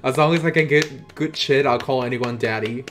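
A Mexican man with a Mexican accent streams a game live, chatting casually with viewers in playful, teasing banter full of quick laughs and swearing. His mid-range voice has a fairly bright tone, with soft music in the background.

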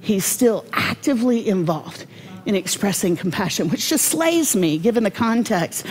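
A woman giving a devotional Bible teaching, folksy and humorous, with animated storytelling. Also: mid-range voice, moderate pace.

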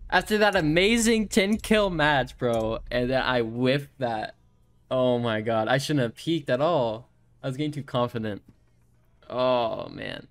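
A man giving excited live gameplay commentary, yelping and swearing whenever something surprises him. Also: mid-range voice, unhurried. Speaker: gaming streamer. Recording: loud game gunfire under voice.

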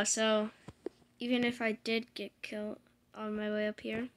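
A young woman giving casual, rambling commentary while playing a video game, playful with loud excited outbursts. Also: a little high, measured pace. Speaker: gamer. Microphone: desk microphone.

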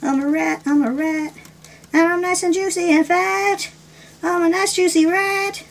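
A man's voice: extremely high pitch, fairly even intonation, measured pace, gravelly, a little hiss or hum, pitched above the performer's own voice, exaggerated voice. A man voicing a plump, eager pet rat that coaxes a snake to eat it, in a sing-song voice. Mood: coaxing. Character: chubby pleading pet-food rat, eager to be eaten.

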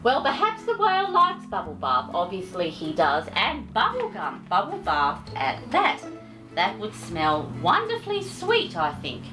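A woman's voice: medium pitch, wildly swooping pitch, a little slow, over music. Sing-song doting woman storyteller. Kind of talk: reading a picture book aloud.

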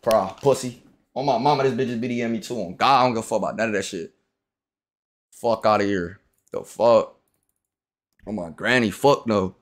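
A young man streaming a game, ranting in a profane, casual way that swings from loud outbursts to low muttering. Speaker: livestreamer. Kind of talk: casual gameplay commentary.

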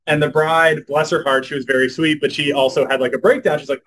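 A young man giving a storytelling talk, animated and filling his speech with "like" and "um". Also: fairly high pitch, fast talker, few pauses, poor audio. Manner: animated, says "like" and "um" a lot. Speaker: guest speaker at a club meeting.

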